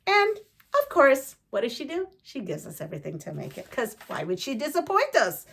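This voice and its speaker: A woman chatting casually as a quilting vlogger, gushing and excitable, rambling with lots of fillers. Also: on the high side, moderate pace, creaky, breathy edge. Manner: gushing and excitable, gasps and giggles. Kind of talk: casual unboxing chat.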